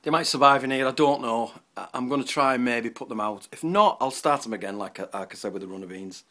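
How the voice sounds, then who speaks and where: On a camera mic outdoors, a man vlogs a casual tour of his allotment, chatty, rambling and poking fun at himself. His mid-range voice comes quickly and sounds pushed and bright, with a dry recording.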